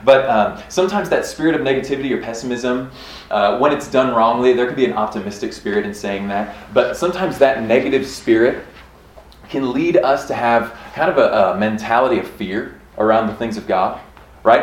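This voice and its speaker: A man's voice: medium pitch, a little fast. Earnest chatty man in an echoey room. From Kansas, USA. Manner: chatty, earnest, laughs often, many restarts. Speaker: church speaker teaching on revival history. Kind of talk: casual church talk to a small group. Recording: roomy echo, faint room ambience.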